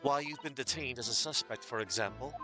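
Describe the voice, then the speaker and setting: A man's voice: medium pitch, fairly quick, close to an everyday voice. A man voicing a polite, hesitant young lawyer. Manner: courteous, hesitant. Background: game music.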